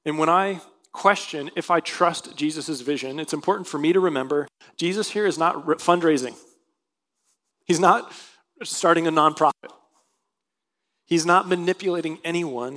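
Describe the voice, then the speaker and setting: A man's voice: fairly high pitch, a bit bright. A male pastor preaching a sermon, reading scripture aloud and explaining it earnestly. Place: church sanctuary.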